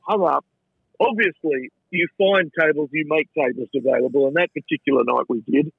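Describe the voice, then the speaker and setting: An Australian man tells anecdotes in a relaxed, rambling way, tripping over his words and doubling them up. His voice is husky and comes through a narrow, tinny, phone-like channel. The sound is dry, with no room around it. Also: on the high side, a little fast, no room sound. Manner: chatty, stumbling repetitions of words. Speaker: chef and restaurateur, interview guest. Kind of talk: casual anecdotal storytelling.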